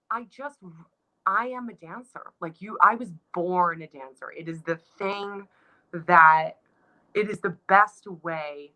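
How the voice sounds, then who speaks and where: A woman's voice: lowish voice, sharp tone, low-quality recording. A woman in her thirties, a dancer, talking casually and reflectively in an interview, with many restarts and fillers. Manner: reflective, gets emotional, many restarts and likes. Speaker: guest, Broadway dancer.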